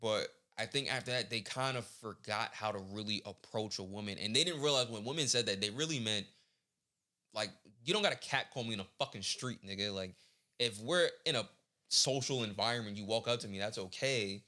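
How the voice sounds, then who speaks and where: Young guy co-hosting a podcast, stuffy nose, bright forceful voice, kinda low, slangy and swears a lot. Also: a little fast. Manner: loose, slangy and profane storytelling. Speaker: podcast co-host. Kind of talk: casual podcast chat.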